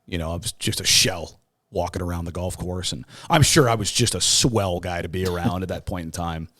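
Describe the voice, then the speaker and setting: Lowish-voiced man telling a raw testimony. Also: fairly bright tone, dry recording, studio quality. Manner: halting and raw, with many restarts and "uh"s; voice jumps much higher when quoting others. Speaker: podcast guest, sports talk show host. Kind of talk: emotional personal testimony in an interview.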